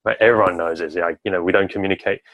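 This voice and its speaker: A man with a fairly low voice gives relationship advice in an easygoing, talkative way. He keeps checking in with "right?" after each point. The sound is dry and close, with no room echo. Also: steady tone, rapid-fire, fairly bright tone, highs cut off. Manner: talkative, tags sentences with "right?". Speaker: relationship coach. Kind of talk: advice-giving conversation.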